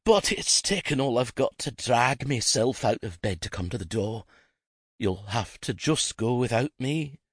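A man's voice: medium pitch, very animated, unhurried, breathy edge, no room sound, clean studio sound, voice pushed up. A man voicing a sly, theatrical woman who fakes a wheezy, coughing illness.

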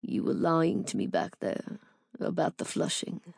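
A woman voicing a quiet, restrained young British rich man who speaks low, clipped and near a whisper. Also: expressive, moderate pace, vocal fry, dry recording, clean studio sound. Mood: teasing.

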